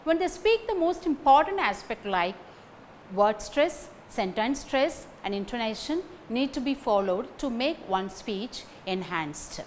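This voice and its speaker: Indian English woman, lecturer, animated pitch, higher voice, faint hiss under the recording. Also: a little slow. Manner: explanatory, spells words out letter by letter, frequent "uh" fillers.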